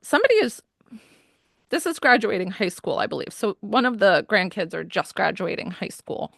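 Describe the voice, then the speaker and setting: A woman's voice: medium pitch, sing-song, normal speed, gravelly, fairly bright tone, no echo, clean studio sound. A woman giving a medium reading in a chatty, casual way, with lots of fillers and frequent laughs.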